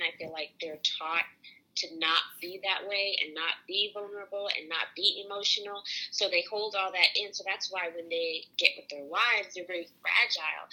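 A woman's voice: fairly low pitch, sharp tone, low-quality recording. A woman chatting casually as a podcast co-host, earnest and opinionated, reflecting on relationships and parenting. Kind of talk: casual chat.

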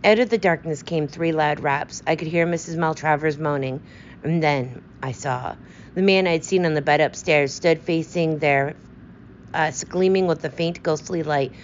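A woman reading a story aloud as its narrator, in a steady, measured way. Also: sits low, highs cut off, slight background noise. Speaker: audiobook narrator. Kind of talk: scripted narration.

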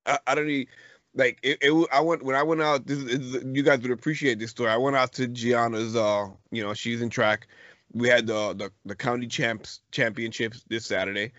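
A man's voice: mid-range voice, fairly even intonation, normal speed, fairly bright tone, dry recording. A middle-aged man co-hosting a podcast, chatting casually and telling a story in slangy speech full of restarts. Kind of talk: casual chat. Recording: dull lo-fi podcast recording.

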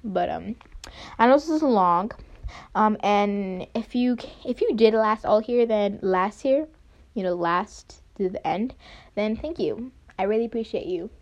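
A woman's voice: mid-range voice, unhurried. A young woman hosting a casual solo podcast, rambling with many fillers and restarts. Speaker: podcast host. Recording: dull lo-fi home recording.

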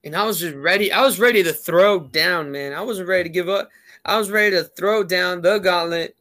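Bright, high-voiced man telling a story. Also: brisk. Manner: rambling, heavy on fillers. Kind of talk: casual storytelling.

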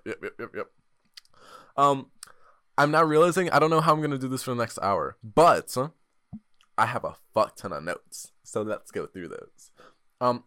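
A man's voice: mid-range voice, fairly bright tone, no echo, studio quality. A seventeen-year-old boy hosting a podcast on his own, chatting in a rambling, jokey, self-mocking way into a microphone. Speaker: podcast host. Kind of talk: casual solo podcast chat. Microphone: desk microphone.

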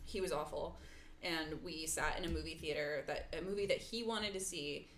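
Podcast co-host, woman, casual storyteller with a ready laugh; quiet amateur recording in a roomy space. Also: low-pitched, moderate pace. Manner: laughs often, storytelling with impressions. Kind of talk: casual chat.

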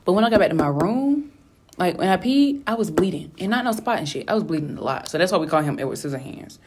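A woman's voice: lowish voice, fast talker, slight background noise. Young woman telling candid stories with laughs. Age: young adult. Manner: candid, laughing, quotes people in lively voices. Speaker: podcast host. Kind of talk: casual storytelling chat.

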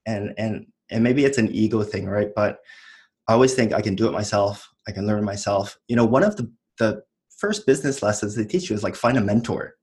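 A man's voice: on the low side, a little mellow. A man in his thirties, an entrepreneur as guest, talking casually and reflectively, with frequent small laughs. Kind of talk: casual chat.

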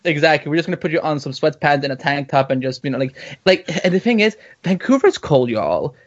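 A man co-hosting a casual podcast, talking in an animated, rambling way with lots of fillers. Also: on the high side, fairly quick, dull audio. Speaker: podcast co-host.

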